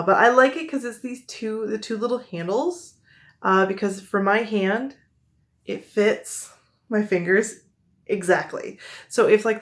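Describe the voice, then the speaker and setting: A young woman with a Midwestern accent, chatting casually and rambling with many fillers and self-corrections as she shows off her collection. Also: medium pitch. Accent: American Midwest. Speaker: collector showing her mugs. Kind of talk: casual show-and-tell chat.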